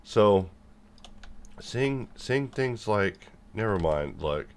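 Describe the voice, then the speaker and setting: Young guy with a low voice ranting and joking at the camera, all over the place. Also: drawn-out words. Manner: animated, jumps between jokes and rants, talks to viewers directly. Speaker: software developer and video creator. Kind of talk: rambling stream-of-consciousness monologue.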